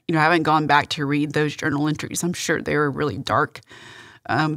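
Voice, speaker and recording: A middle-aged woman, a guest on a faith interview show, telling a personal story in a halting, earnest way with many restarts. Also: sits low, a bit bright, dry recording, clean studio sound.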